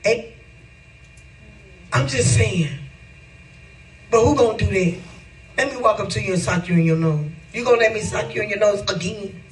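A man in his fifties telling a folksy sermon story, animated and chuckling to his congregation. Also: sits high, normal speed, pauses often, far from the mic, slight background noise, rough recording. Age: 50s. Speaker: preacher.

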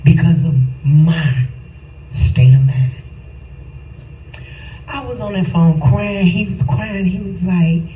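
Slow, mellow-voiced woman preaching in a roomy hall. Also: lowish voice, slight background noise. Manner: slow, emphatic, rising to shouts. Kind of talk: preaching testimony. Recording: roomy, distant mic, faint ambience.

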